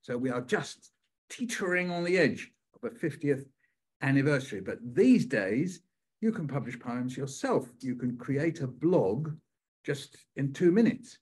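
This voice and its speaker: An older man, a poet, telling stories and performing a poem with dramatic pauses. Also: medium pitch, expressive, a little mellow, breathy edge. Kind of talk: storytelling on a live online session.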